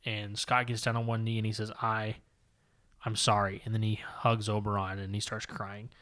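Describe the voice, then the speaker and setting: A man's voice: fairly low pitch, monotone, moderate pace, a bit bright. A man co-hosting a comic book podcast, casually recapping and reading panels aloud in a long-winded, rambling way. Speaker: podcast co-host.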